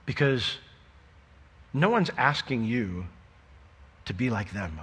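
A middle-aged man preaching a sermon, lively and joking, acting out imagined conversations before dropping to a quieter, earnest tone. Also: medium pitch, slow, pauses often, slightly rough, big-room sound. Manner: animated, jokey, acts out imagined dialogue.

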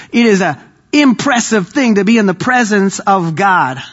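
Husky storytelling preacher, man. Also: high-pitched, big pitch swings, unhurried, muffled recording. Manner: storytelling, acts out quoted voices, builds to emphatic peaks. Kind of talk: sermon.

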